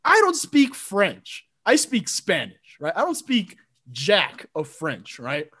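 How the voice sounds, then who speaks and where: A young man with a notably high voice co-hosts a casual podcast. He rambles through stories, packing in fillers and swearing as he goes. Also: wildly swooping pitch, slow, sharp tone, slightly rough. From Colombia. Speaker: podcast co-host. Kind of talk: casual chat.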